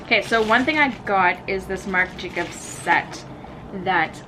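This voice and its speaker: A woman's voice: mid-range voice, unhurried, heavy background noise. A woman in her twenties chatting casually to the camera in a vlog, bubbly and giggly. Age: 20s. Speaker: vlogger.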